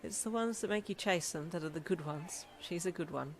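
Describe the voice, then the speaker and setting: A woman reading a fanfiction audiobook, voicing a kind, cheeky young man who speaks softly in a relaxed, teasing way. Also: on the low side, fairly quick, natural voice. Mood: gentle, wry. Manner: relaxed, gently teasing, soft-spoken.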